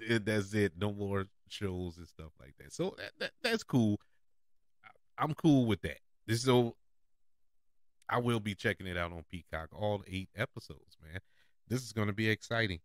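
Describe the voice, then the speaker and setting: A man's voice: mid-range voice, a bit bright, dry recording, studio quality. A man hosting a casual movie preview show, chatty and often laughing. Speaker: podcast host.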